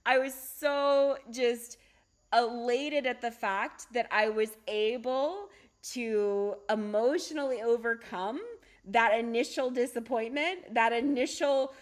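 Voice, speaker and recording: A middle-aged woman, a holistic doctor, talking casually on a livestream, chatty and animated, often asking "right?" and laughing. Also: a little high, takes it slowly. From United States. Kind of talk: casual livestream talk with storytelling.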